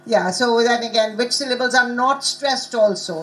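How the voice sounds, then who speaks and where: A woman giving an interactive pronunciation lesson at a conference, coaxing the audience with quick prompts. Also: a little high, fairly bright tone, poor audio. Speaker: conference speaker teaching pronunciation. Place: conference hall.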